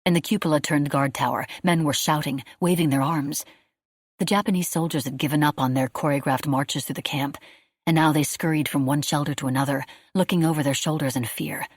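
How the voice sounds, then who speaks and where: A woman reading a wartime novel aloud as an audiobook, in a steady, measured storytelling manner. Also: deep voice, husky, dry recording, clean studio sound. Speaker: audiobook narrator. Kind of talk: scripted audiobook narration.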